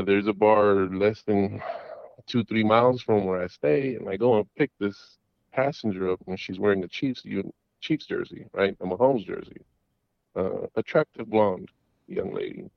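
A middle-aged caller with a lowish voice and vocal fry tells a long, casual story, rambling with restarts and repeated words. The recording is dry, dull, and lo-fi.

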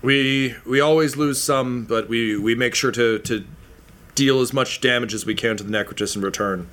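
A man voicing a weary army captain in a tabletop game, speaking in a measured, hesitant, grave way. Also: mid-range voice, a bit bright, natural voice.

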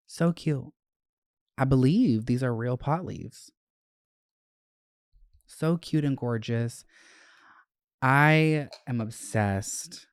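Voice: mid-range voice, darkish tone, no room sound, clean studio sound. Sassy, slangy podcast host. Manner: sassy, dramatic, heavy slang. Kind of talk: casual podcast chat.

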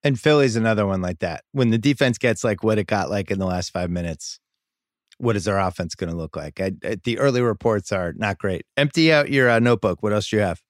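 A man's voice: lowish voice, a little fast, no room sound. A man hosting a podcast in a studio, chatting casually about sports and prodding his guest with questions. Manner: conversational, probing questions, pushes the talk along. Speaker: podcast host.

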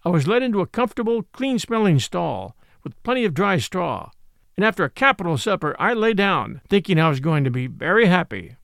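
Reading a classic novel as storybook narration, this man speaks a little fast in a high voice with vocal fry, performing every part expressively. The studio-quality recording has no room sound.

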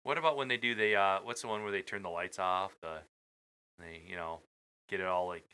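A man's voice: low voice, fairly even intonation, a little fast, bright, forceful tone, smooth. A man co-hosting a casual podcast, chiming in with jokes and wisecracks. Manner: wisecracking, joking asides. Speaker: podcast co-host.

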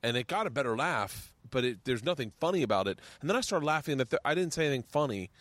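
A man's voice: medium pitch, expressive, fast talker, a bit bright, no room sound. A man hosting a podcast, telling casual stories, laughing easily and swearing now and then. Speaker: podcast host. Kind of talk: casual chat. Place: outdoors at home.

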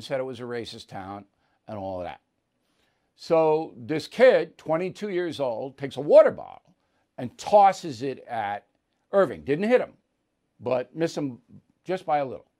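Male host, pointed opinion commentary, slightly high voice with a very lively swing, blunt and emphatic.

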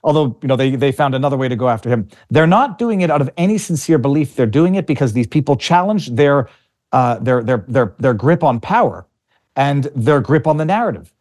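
A man's voice: mid-range voice, lively intonation, a little fast, darkish tone. A man speaking as an interview guest, arguing passionately and combatively, often repeating words as he gathers his thoughts. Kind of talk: conversational interview.

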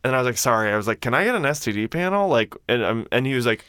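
A man's voice: very animated, very fast, a bit bright, smooth, dry recording. Rambling man telling a story, dry sound. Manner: rambling storyteller, quoting people in a low mocking voice. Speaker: guest. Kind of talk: casual podcast chat.

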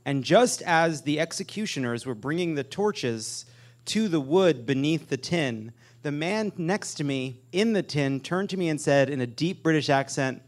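A man hosting a live comedic political talk show on stage, joking and animated, with loud emphatic bursts. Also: fairly high pitch, a little slow. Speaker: podcast host.

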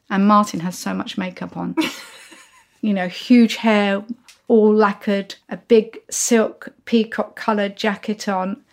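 A woman in her sixties talks as a podcast guest, recounting anecdotes. She slips into the voices of the people in her stories, and her mid-pitched voice carries a touch of vocal fry. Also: slow. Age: 60s. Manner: lively, acts out quoted voices in her stories. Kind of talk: anecdotal storytelling.

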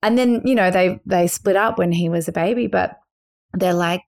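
Brief: Australian woman, podcast co-host, gushing and enthusiastic, lowish voice. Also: normal speed, vocal fry, darkish tone. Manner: effusive, enthusiastic. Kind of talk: casual chat.

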